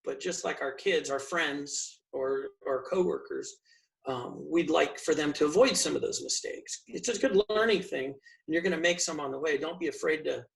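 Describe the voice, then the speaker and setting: A man's voice: on the high side, moderate pace, creaky, recorded from a distance, low-quality recording. A man talking casually as an interview guest, giving earnest advice with frequent restarts. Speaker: guest, firefighter and real estate investor.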